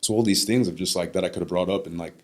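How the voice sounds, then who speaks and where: A podcast guest in his thirties reflectively tells a personal story, sometimes acting out the voices of other people. He speaks very fast in a deep voice.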